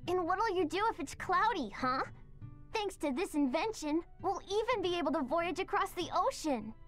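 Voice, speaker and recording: A woman's voice: extremely high pitch, lively intonation, normal speed, soft background music. An eager sickly young boy. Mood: earnest. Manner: earnest, eagerly explaining. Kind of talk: game voice acting.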